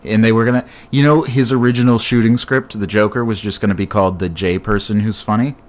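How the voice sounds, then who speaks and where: A man's voice: fairly low pitch, fairly even intonation, quick pace. A man co-hosting a casual chat, sarcastic and jokey, speaking close to the microphone. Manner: sarcastic, jokey, acts out scenes in silly voices.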